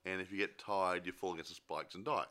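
A man's voice: deep voice, steady tone, quick pace, sharp tone. A man chatting casually about a movie, rambling and joking with many restarts.

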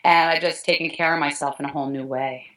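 A woman's voice: low-pitched, fairly even intonation, fast, fairly bright tone, poor audio. A middle-aged woman, a dance teacher, talking earnestly and emotionally in an interview, often restarting her sentences.

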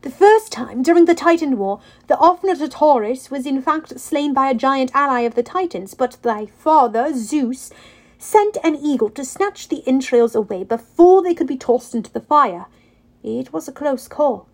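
A woman's voice: high voice, animated, moderate pace, a little mellow. A woman voicing a young huntress who speaks in a solemn, old-fashioned way.

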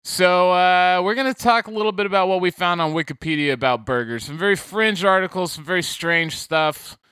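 Bright, high-voiced man joking on a podcast. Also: brisk, clear, resonant tone, no room sound, clean studio sound. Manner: laughs often, riffs jokingly. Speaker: podcast co-host. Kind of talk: casual comedic chat.

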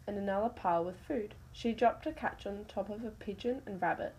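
A woman's voice: medium pitch, moderate pace, hardly any pauses, warm tone, rough recording. A woman reading her own animal story aloud, stumbling over words now and then.

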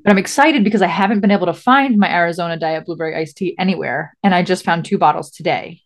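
Bubbly woman co-host with a lowish voice. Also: quick pace. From New England. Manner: bubbly, excitable, rambling. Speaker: podcast co-host. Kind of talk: casual chat.

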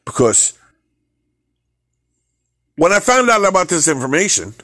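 A man's voice: sits high, very animated, a little slow, sharp tone, no room sound, clean studio sound. Heated, profane man ranting. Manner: profane, heated, repeats words, restarts sentences. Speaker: podcast host. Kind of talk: opinionated political rant.

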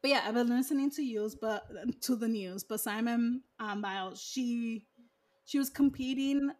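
A woman's voice: a little high, normal speed, a little mellow. A woman chatting casually, rambling with lots of "like" and "you know". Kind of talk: casual chat.

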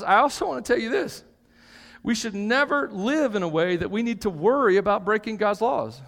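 This pastor has a high, fairly bright voice and preaches live to a congregation in a church hall, where a long reverb trails his words. He's emphatic, punctuating points with "okay?" and tossing in joking asides.

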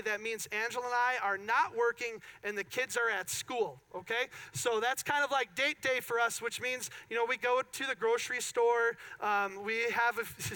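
A middle-aged pastor with an Upper Midwest American accent tells a story from the pulpit, acting out each voice with sudden shouts. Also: male voice, very high-pitched, clear, resonant tone, rough recording. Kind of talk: storytelling sermon.

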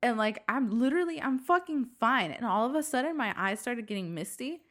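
A young woman co-hosting a podcast, chatting casually and telling stories with excitement and frequent swearing. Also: on the high side, a little fast. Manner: excited, swears freely, storytelling. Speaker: podcast co-host. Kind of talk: casual chat.

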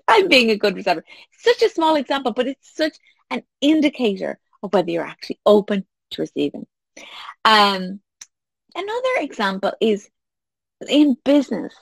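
Animated woman with a gravelly edge. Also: on the high side, moderate pace, no echo. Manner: animated, acts out little quoted exchanges with laughs. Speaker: business coach. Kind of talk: casual talk to listeners.

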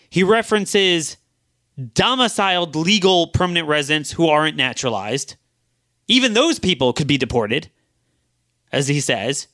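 A man's voice: on the high side, fairly bright tone, no echo, clean studio sound. A man hosting a solo podcast, arguing a legal point emphatically and reading out quotes. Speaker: podcast host.

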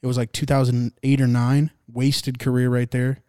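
A man's voice: mid-range voice, completely flat delivery, normal speed, darkish tone, clear, resonant tone, no echo, clean studio sound. A young man hosting a laid-back sports podcast, rambling, joking and swearing as he reacts to games. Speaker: podcast host. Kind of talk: casual sports chat.

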